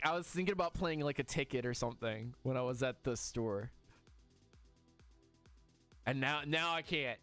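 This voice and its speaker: A man hosts a casual live stream, reacting out loud and talking straight to his chat. His voice sits high for a man and jumps up and down in lively swings. Faint music plays underneath. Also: no room sound. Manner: excitable, talks to chat.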